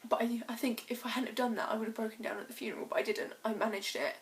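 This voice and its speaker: A teenage girl, talking emotionally in a personal vlog, halting and earnest, choked up and close to tears. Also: fairly high pitch, fairly even intonation, slight background noise. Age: teens. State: choked up, tearful. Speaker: vlogger.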